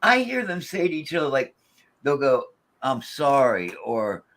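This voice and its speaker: A man's voice: medium pitch, very animated, a little slow, a bit bright. A man talking casually about ghost box sessions, rambling with many restarts and quoting the voices he hears. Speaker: paranormal investigator. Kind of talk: casual chat.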